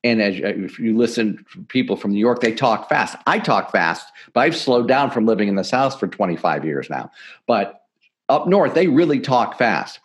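A middle-aged man, a podcast guest, explaining sales techniques in an energetic, emphatic coaching manner. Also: fairly low pitch, normal speed. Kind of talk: podcast interview, teaching sales tips.

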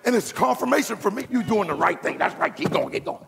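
A male pastor preaching an animated sermon, swinging between low murmurs and loud, excited exclamations. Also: fast talker, vocal fry, hardly any pauses, long reverb tail. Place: church sanctuary.

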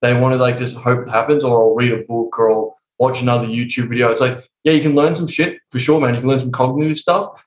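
A man telling stories in a profane, animated way during a casual podcast conversation, as a guest coach. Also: mid-range voice, fast, few pauses. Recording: roomy echo.

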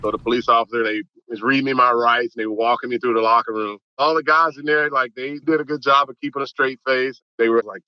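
A young man from Mississippi, an athlete telling an animated story in an interview. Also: medium pitch, fast talker, hardly any pauses, clear, resonant tone, no echo, highs cut off. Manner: animated storyteller, quotes people in lively voices, laughs along. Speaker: baseball player.

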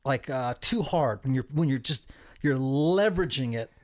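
A man's voice: mid-range voice, lively intonation, normal speed, darkish tone. A man hosting a casual panel discussion, explaining ideas with energy and often checking in with "right?". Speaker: podcast host.

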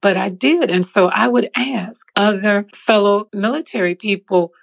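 Woman, gravelly voice, animated testimony, laughs while telling it, acts out scenes. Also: mid-range voice, measured pace. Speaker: guest sharing a faith testimony. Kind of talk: animated storytelling.

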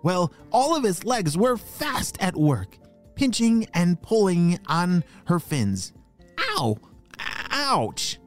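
A man narrating a children's story, animated and talking directly to young listeners with questions. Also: high voice, takes it slowly, faint music behind.

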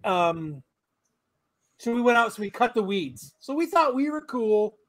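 Man with a high voice, foul-mouthed animated storyteller, podcast banter. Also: a little slow. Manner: profane, animated anecdote-telling. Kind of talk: casual podcast chat.

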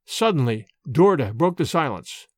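A man reading an old-fashioned tale aloud, expressive and measured. His voice sits fairly high and rises and falls widely, close and dry on the mic. Faint music plays underneath. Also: no room sound. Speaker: narrator. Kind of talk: audiobook narration.

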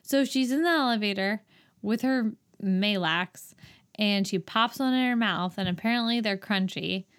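A woman co-hosting a podcast, recapping a movie scene in a casual, incredulous, animated way. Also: mid-range voice, moderate pace. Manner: exasperated, incredulous, animated storytelling. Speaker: podcast co-host.

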